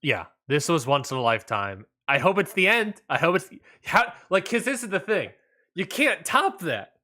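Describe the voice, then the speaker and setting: A man co-hosting a casual wrestling podcast, laid-back and rambling, often trailing off quietly at the ends of lines. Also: on the high side, very animated, moderate pace. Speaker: podcast co-host.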